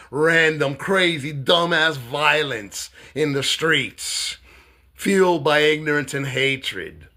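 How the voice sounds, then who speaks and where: Fiery, profane American man ranting. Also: medium pitch. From United States. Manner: heated, profane, swings from shouting to soft. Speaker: self-styled presidential candidate. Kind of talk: political rant vlog.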